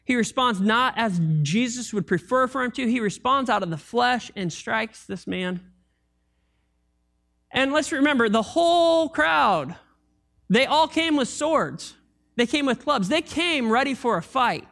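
Dad-type pastor guy preaching, animated, talks to the crowd like a buddy. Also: very high voice, moderate pace. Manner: animated, conversational preaching with humor. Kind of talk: sermon.

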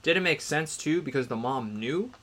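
Guy on a podcast going over a movie plot, bright forceful voice, laughs a lot. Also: fairly high pitch, normal speed. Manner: laughing, animated retelling with acted quotes. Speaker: podcast co-host. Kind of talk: casual movie recap chat.

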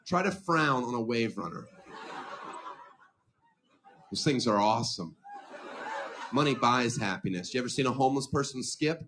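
A man doing a stand-up comedy set, delivering dark jokes in a dry, deadpan way with rhetorical questions. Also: medium pitch, normal speed, long pauses, slight background noise.

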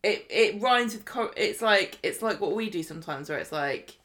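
A woman's voice: medium pitch, animated, normal speed, a bit bright. A woman with a Southern English accent co-hosting a podcast, with a dry, teasing manner. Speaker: podcast co-host. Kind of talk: casual chat. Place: hotel room.

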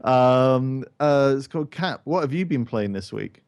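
A man's voice: medium pitch, lively intonation, measured pace, a little mellow, no echo, studio quality. A man from Scotland hosting a casual gaming chat, hesitant with many ums, asking the others what they played. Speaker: podcast host.

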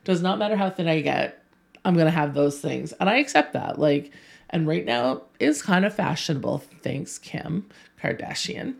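Gravelly, low-voiced chatty woman. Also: expressive, normal speed. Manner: chatty, laughs often, tells stories. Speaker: podcast co-host. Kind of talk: casual chat.

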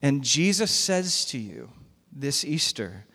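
A man's voice: on the high side, lively intonation, normal speed, a bit bright. A man preaching a sermon as pastor, conversational and emphatic, recorded in a church sanctuary. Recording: long reverb of a church hall.

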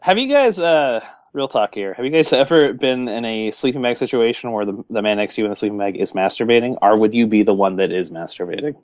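Animated man, dull lo-fi recording. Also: on the low side, fast, hardly any pauses, dry recording. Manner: playful, teasing, laughs often. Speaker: podcast co-host. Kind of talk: casual movie podcast chat.

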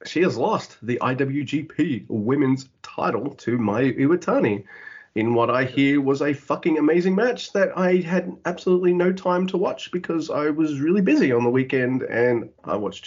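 A man's voice: medium pitch, husky. A man hosting a podcast in casual chat, ranting with frequent profanity and poking fun at himself. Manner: ranting, profane, self-mocking. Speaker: podcast host. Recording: muffled lo-fi podcast audio.

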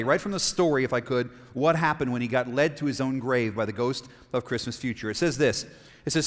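A man preaching a sermon to a congregation, animated, asking the room questions and reading passages aloud with drama. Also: fairly high pitch. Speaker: pastor. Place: church auditorium. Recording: long reverb of a church hall.

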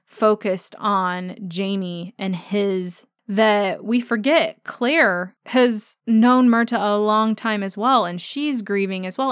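A woman with a smooth, medium-pitched voice hosts a fan podcast, recorded with clean studio sound and no echo. Gushing over a favorite episode in casual chat, she speeds up in rushes of enthusiasm.

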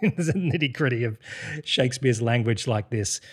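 A man's voice: medium pitch, expressive, normal speed, slightly rough. A man coaching an actor through a Shakespeare speech, explaining rhythm and word choice. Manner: encouraging, analytical, many restarts. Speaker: acting coach.

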